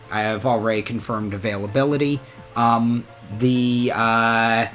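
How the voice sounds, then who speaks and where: A male host chatting on a livestream who takes his time. His speech is slow and halting, full of pauses, at a middle pitch. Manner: halting, hesitant. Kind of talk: casual livestream chat.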